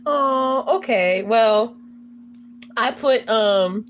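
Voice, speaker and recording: A young woman chatting casually on a livestream, swearing, slangy, and breaking into loud laughing fits. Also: fairly high pitch, extremely slow, a little hiss or hum. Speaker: livestreamer reacting to chat.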